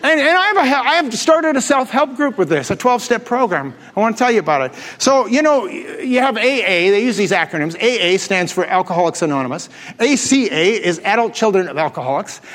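A man with a high voice preaches to his congregation, mixing jokes and laughter into his storytelling. His voice rings out in a large church hall with a long reverb tail. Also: big pitch swings, fairly quick, fairly bright tone. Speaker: pastor. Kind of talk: sermon.

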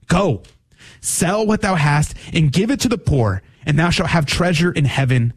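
A man's voice: lively intonation, moderate pace, breathy edge. Earnest preaching male radio host. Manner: earnest, preaching, rises in pitch for emphasis. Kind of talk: radio gospel commentary.

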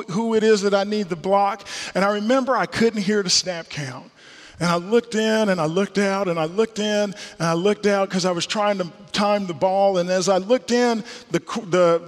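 A man's voice: high-pitched, in a large hall. A middle-aged man, a former football player, preaching a sermon and telling a personal story, earnest and repeating key phrases for emphasis.

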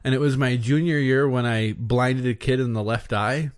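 Deadpan man trading quips on a podcast. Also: mid-range voice, normal speed. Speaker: podcast co-host. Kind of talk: casual chat.

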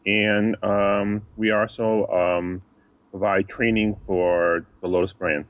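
A man being interviewed as a podcast guest, speaking in a halting way with many ums. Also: on the low side, fairly even intonation. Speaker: guest, conference organizer. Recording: dull lo-fi call line.

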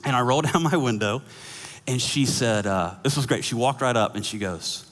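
Male pastor, mid-range voice, animated sermon storyteller, church sanctuary with lingering echo. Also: medium pitch, moderate pace. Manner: animated storyteller, acts out dialogue with laughs. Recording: long hall reverb.

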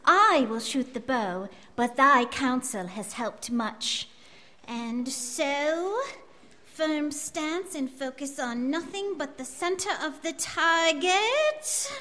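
Cartoon role: gracious girl king, polite mock-old talk, high voice, woman voicing. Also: expressive, slow, bright, forceful tone, full character voice.

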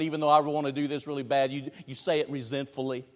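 A man preaching a sermon, swinging from hushed, drawn-out phrases to booming emphasis. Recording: long hall reverb.

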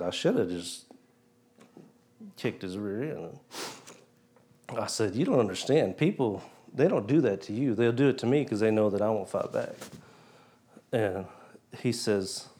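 A man preaching, telling a personal story in a folksy way and acting out the dialogue. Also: lowish voice.

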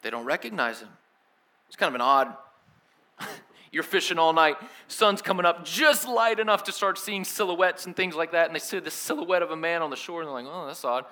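A male pastor delivers a sermon, retelling the story with casual slang and lively energy. His voice sits a little high, with a bright, forceful edge. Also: fairly quick.

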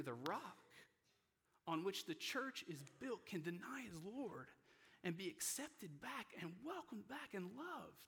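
A pastor preaching a sermon in an earnest, personal way, growing emotional and sinking to a hushed near-whisper at tender moments. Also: male voice, sits high, husky, big-room sound. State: emotional, choking up. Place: church sanctuary.

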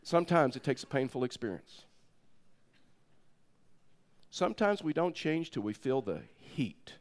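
A middle-aged man preaching, telling a personal story in an animated way and laughing as he goes. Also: mid-range voice, measured pace. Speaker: pastor. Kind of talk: sermon storytelling.

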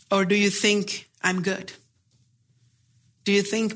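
A man preaching a sermon, earnest and deliberate, pressing his listeners with pleading rhetorical questions. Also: high-pitched, little pitch movement, a bit bright.

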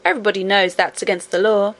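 A woman's voice: medium pitch, steady tone, fast talker, natural voice. Woman reading as a bold young miner boy. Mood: firm. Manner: confident, matter-of-fact. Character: brave cheerful twelve-year-old miner boy. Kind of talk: audiobook character reading.

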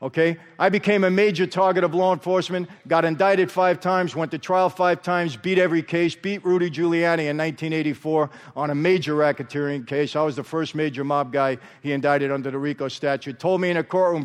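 A man's voice: on the high side, fairly even intonation, brisk, few pauses. A middle-aged man giving an emphatic testimony sermon, calling out to the audience as he tells his story. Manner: emphatic, repeatedly addresses the audience as "people". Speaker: guest speaker. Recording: long hall reverb.

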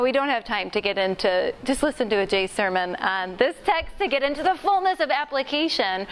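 A woman's voice: sits high, clear, resonant tone. A woman leading a Bible study training session, talking conversationally to a group and acting out quoted lines. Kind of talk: workshop teaching. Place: meeting room with a group.

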